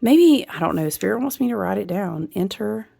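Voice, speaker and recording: A woman's voice: medium pitch, expressive, fairly quick, vocal fry, mellow, husky. A woman giving a rambling, intuitive spiritual astrology reading, breaking into asides and laughs. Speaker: astrology reader.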